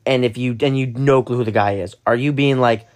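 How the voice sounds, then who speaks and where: A young man co-hosting a podcast, talking in an animated, rambling way with plenty of swearing. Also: mid-range voice, fairly quick. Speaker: podcast co-host. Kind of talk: casual chat.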